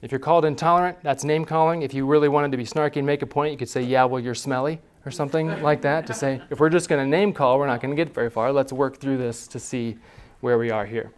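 A man leading a class, teaching in a relaxed, conversational way and putting questions to his students. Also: medium pitch, fast talker, hardly any pauses.

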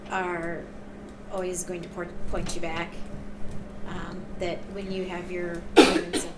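A woman in a church discussion group who talks in a rambling, halting way, pausing on fillers as she gathers her thoughts. She sounds far from the microphone, and a loud hiss runs under her voice. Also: on the low side, little pitch movement. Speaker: Bible study group member. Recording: distant mic with loud background noise.

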